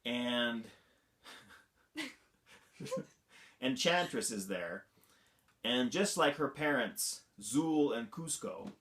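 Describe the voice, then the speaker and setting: A man's voice: medium pitch, animated, drawn-out words, long pauses, a bit bright. A man hosting a vlog, giving a casual movie review in an amused, incredulous manner and laughing often. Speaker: vlog host.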